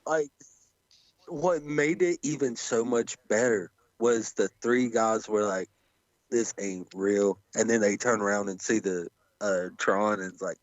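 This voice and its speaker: A man's voice: fairly low pitch, measured pace, dry recording. A man co-hosting a wrestling podcast, recounting things enthusiastically with emphatic swearing. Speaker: podcast co-host. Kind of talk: casual chat. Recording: dull dry lo-fi sound.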